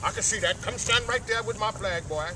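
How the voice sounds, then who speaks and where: A man's voice: high voice, brisk, noisy background. A man giving an impassioned outdoor speech at a ceremony, preacher-like, calling for amens. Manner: preacher-like call and response. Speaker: speaker at a flag ceremony.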